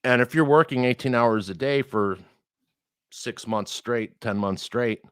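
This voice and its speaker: आदमी अपनी कहानी गालियों के साथ जोश से सुनाता हुआ. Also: male voice, medium pitch, unhurried, clear, resonant tone, no room sound, studio quality. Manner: profane, animated, acts out quoted people. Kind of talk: casual storytelling.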